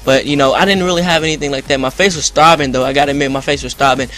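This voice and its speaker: Fast-talking young man telling a story. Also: mid-range voice. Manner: rambling, excited, lots of fillers and slang. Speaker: vlogger. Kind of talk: casual storytelling to viewers. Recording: music in background.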